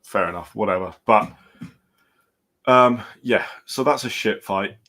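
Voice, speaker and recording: A man's voice: on the low side, a little slow, pushed and bright. A man co-hosting a casual boxing chat show, laid-back and hedging, often trailing off. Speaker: co-host.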